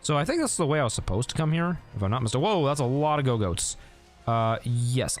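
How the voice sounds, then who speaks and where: A man's voice: medium pitch, sing-song, moderate pace, long pauses, faint music behind. A man streaming a video game, talking casually as he plays, thinking aloud and answering chat, often breaking into laughter. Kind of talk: casual gameplay commentary.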